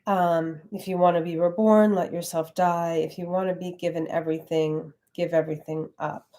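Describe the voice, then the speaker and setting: A woman's voice: fairly low pitch, level tone, moderate pace, mellow. A woman leading an online class, talking in a reflective, conversational way with frequent fillers. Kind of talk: casual live-stream teaching.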